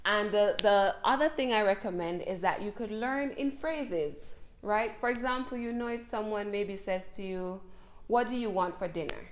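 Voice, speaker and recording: A woman giving casual English speaking tips to camera. She keeps an encouraging tone and often checks in with her viewers by asking "right?". Her voice sits in a middle pitch. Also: moderate pace, a little hiss or hum. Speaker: English coach. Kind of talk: casual teaching talk to camera.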